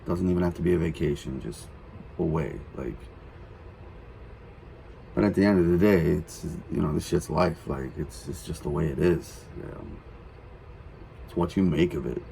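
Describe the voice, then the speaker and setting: A man with a very deep, gravelly voice talks loosely through a reaction to a song. His tone is dark and mellow, and he rambles with plenty of fillers. Faint noise sits behind him. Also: normal speed, long pauses. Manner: relaxed, rambling, many fillers. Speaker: reaction video host. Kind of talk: casual reaction commentary.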